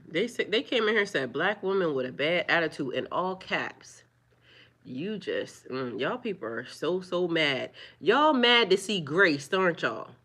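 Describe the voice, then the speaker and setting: A woman talking live to her viewers, firmly scolding trolls in a preachy, drawn-out way. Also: mid-range voice, sharp tone. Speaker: livestreamer. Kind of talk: live-stream chat with viewers.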